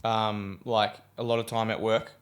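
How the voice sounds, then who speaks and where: A man's voice: on the low side, little pitch movement, measured pace. Supportive male podcast host. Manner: supportive, affirming. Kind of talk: casual podcast interview.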